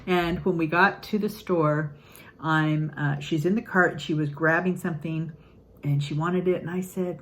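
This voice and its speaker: An older woman, a grandmother, giving an earnest, upbeat casual talk on parenting, acting out quotes in lively voices. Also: on the low side, moderate pace, a little hiss or hum, poor audio. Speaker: parenting channel host.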